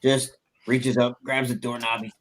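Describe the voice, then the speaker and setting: A man's voice: mid-range voice, normal speed. A man hosting a casual podcast chat, telling a story with lots of laughter and acted-out quotes. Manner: animated storyteller, laughs often, acts out quotes.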